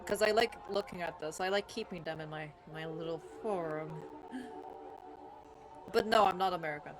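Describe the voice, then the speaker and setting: A woman's voice: on the low side, moderate pace, low-quality recording. A young Irish woman live-streaming, chatting casually and defensively with viewers, her speech rambling. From Ireland. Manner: rambling, defensive, talks to chat. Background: game music.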